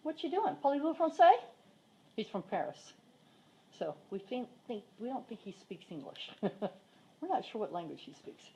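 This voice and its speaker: A woman's voice: mid-range voice, expressive, moderate pace, creaky, dark tone, a little hiss or hum. A woman showing viewers around a cat sanctuary in a casual filmed tour, talking to the cats in cooing baby talk. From from the southern United States. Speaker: cat sanctuary worker giving a shelter tour.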